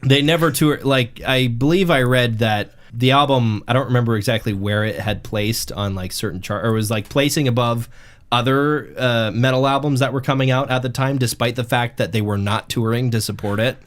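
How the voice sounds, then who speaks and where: A man's voice: mid-range voice, fairly even intonation, moderate pace. A man co-hosting a casual music podcast, rambling and joking with frequent restarts. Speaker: podcast co-host. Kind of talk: casual chat.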